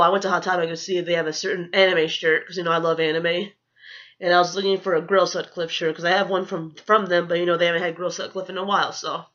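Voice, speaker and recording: Swearing and indignant, this vlogger rants through a rambling storytime, her bright, forceful voice on the low side and "you know" popping up almost every sentence. The sound is dull and lo-fi, like a cheap microphone.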